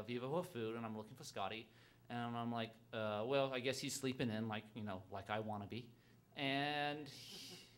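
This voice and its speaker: Guy telling a story live on stage, bright forceful voice, lots of ums and restarts, kinda self-deprecating. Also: mid-range voice. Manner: halting and self-deprecating, many fillers and restarts.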